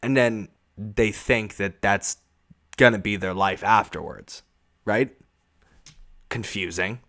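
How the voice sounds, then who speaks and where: Casual podcast host, young adult man, low-pitched, sarcastic profane rant. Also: slow pace. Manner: profane, sarcastic, animated ranting. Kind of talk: casual ranting monologue.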